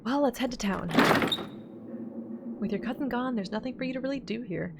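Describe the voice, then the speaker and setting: A woman's voice: fairly high pitch, a little fast, creaky, heavy background noise. A woman reading out a horror visual novel and chatting about her choices as she plays. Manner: chatty, reads narration then comments with laughs. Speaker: let's play gamer voicing a visual novel.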